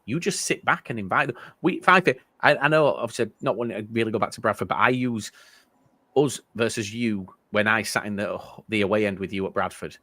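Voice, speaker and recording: A man's voice: fairly low pitch, fairly quick, dry recording. A man co-hosting a casual football podcast, telling rambling stories with lots of restarts. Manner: rambling, restarts often, animated storytelling. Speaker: podcast co-host.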